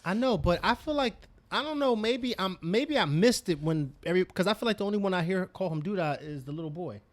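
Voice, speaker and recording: A man co-hosting a casual chat about TV shows and celebrities, playful and teasing, with quick reactions and laughs. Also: sits high, animated, no room sound. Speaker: podcast co-host.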